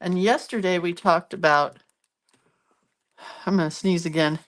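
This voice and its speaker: A craft video host with a fairly low pitch and fairly even intonation speaks a little slowly. Sniffly and congested, she chats through a casual demo, laughing at herself and talking while she works.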